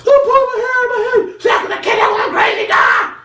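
A frazzled, fed-up wife shrieks high and loud about the kids, as a man puts her on. The voice climbs into a shrill, harried pitch. It rings through an echoey room, caught from a distance. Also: steady tone, quick pace.

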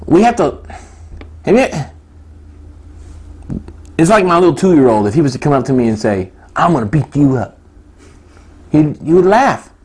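A man in his thirties preaching a sermon, animated and laughing often, jumping to high excited tones. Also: slightly rough.

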